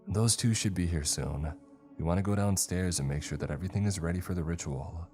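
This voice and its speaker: A man's voice: low-pitched, a little fast, dark tone, natural voice. A man voicing a scheming teenage boy, sarcastic and conspiratorial. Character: scheming teenage boy planning a prank ritual. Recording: faint music underneath.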